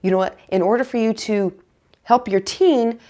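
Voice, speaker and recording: A woman's voice: on the high side, moderate pace. A woman hosting a parenting channel, talking casually to the camera, acting out parents and teens and checking in with "okay?" and "all right?". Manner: chatty, animated, acts out parents and teens in quoted voices. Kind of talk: casual direct-to-camera advice.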